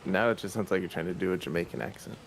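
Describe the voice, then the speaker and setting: A man's voice: low-pitched, rapid-fire, slight background noise. A man co-hosting a morning gaming show, tossing in dry wisecracks. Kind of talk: casual chat.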